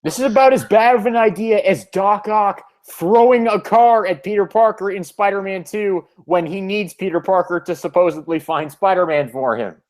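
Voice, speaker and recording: A man hosting a casual comic review chat, relaxed with wry asides. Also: high voice, moderate pace, few pauses. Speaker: host.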